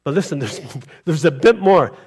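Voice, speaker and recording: A man's voice: on the high side, lively intonation, moderate pace, a little mellow, husky. A male pastor preaching a sermon emphatically, with rhetorical questions and call-and-response to the congregation.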